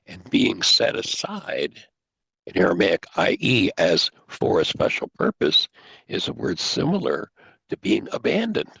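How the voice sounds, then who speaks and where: Gravelly, animated older man teaching. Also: low-pitched, measured pace, no room sound, rough recording. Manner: animated, acts out quoted dialogue. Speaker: host. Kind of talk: radio talk, teaching.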